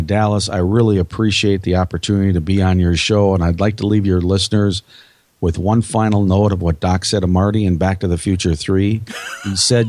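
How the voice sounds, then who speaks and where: Emphatic Minnesotan man, low and dry. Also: darkish tone, no room sound. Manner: emphatic, motivational, repeats key phrases. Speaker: sales trainer and podcast guest. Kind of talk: podcast interview.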